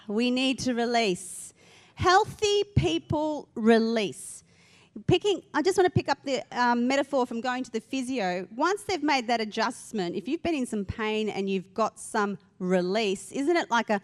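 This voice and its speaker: A woman's voice: fairly high pitch, lively intonation, unhurried. A middle-aged woman pastor, preaching a sermon in a conversational way and leading the audience in simple actions.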